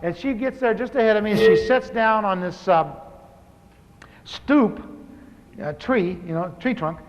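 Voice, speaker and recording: High-voiced man telling a testimony in a hall. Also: unhurried, noisy background. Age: 50s. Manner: conversational storytelling with restarts. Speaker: pastor. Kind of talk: humorous personal testimony. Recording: echoey hall, dull lo-fi tape.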